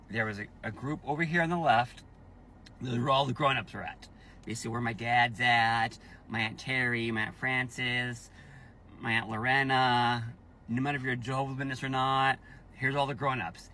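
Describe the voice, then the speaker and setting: A man telling a personal family story slowly and emphatically, repeating himself for effect, with his voice rising in angry bursts on key points. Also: mid-range voice, sharp tone, a little hiss or hum. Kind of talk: emotional personal vlog storytelling.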